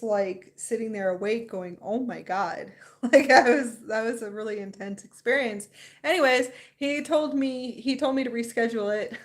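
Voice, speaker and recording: A young woman hosting a spiritual livestream, chatting casually in a rambling, excited way and laughing often. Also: on the high side.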